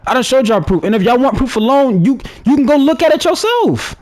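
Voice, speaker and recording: A man's voice: very high voice, very animated, a little fast, darkish tone, dry recording. A man ranting in casual commentary to his viewers, heated and slangy, restarting his sentences often. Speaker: gaming commentary streamer.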